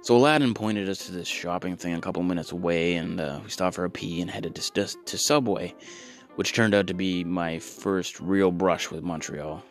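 A man with a very low voice tells a funny story in a loose, rambling way, often restarting his sentences. He mocks himself and drops sarcastic, profane asides. Faint music sits underneath. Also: moderate pace. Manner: rambling, self-mocking, frequent restarts. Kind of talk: casual comedic storytelling.

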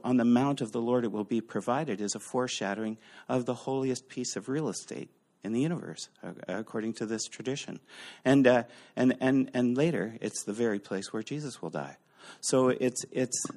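A man's voice: medium pitch, moderate pace. Man giving a casual Bible lecture. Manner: lively, thinks aloud with fillers and restarts. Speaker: teacher.

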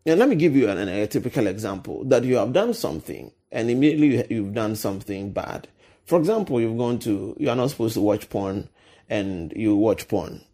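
A man's voice: lowish voice, animated, brisk, warm tone. A man giving earnest, conversational Christian teaching as a guest, often restarting and searching for words. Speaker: guest speaker.

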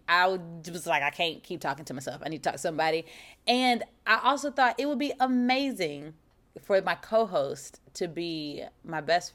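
A woman hosting her podcast in a casual chat, playful and animated, saying y'all. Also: fairly low pitch. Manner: animated, playful, says y'all, sings intros. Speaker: podcast host and founder.

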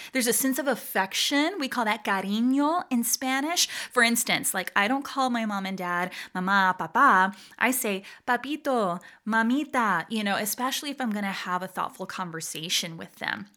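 A middle-aged woman from Puerto Rico, raised in Georgia, hosting a podcast in a casual, animated way with frequent laughs. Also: mid-range voice. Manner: warm, animated, laughs often. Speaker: podcast host, voice teacher.

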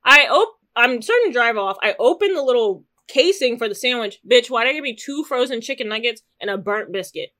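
A woman, casually telling a podcast story, animated and swearing freely, jumping into loud high squeals when she quotes herself. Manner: swears freely, quick asides. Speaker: podcast co-host.

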